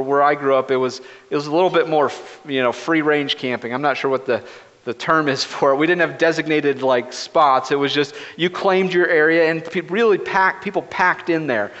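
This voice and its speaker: A man preaching a conversational sermon as pastor, telling stories in a relaxed, anecdotal way, recorded in a church sanctuary. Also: fairly high pitch. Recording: reverberant, dull lo-fi livestream audio.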